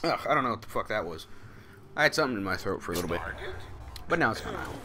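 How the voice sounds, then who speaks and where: A young man giving casual let's play commentary, excitable, swearing and talking to the game as he plays, with game music behind him. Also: lowish voice, fast talker, a crowd in the background. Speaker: gameplay commentator.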